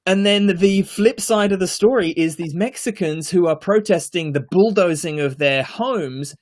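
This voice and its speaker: A man's voice: sits high, normal speed. A man co-hosting a podcast, reviewing a TV series in casual chat, earnest and emphatic, with frequent fillers and restarts.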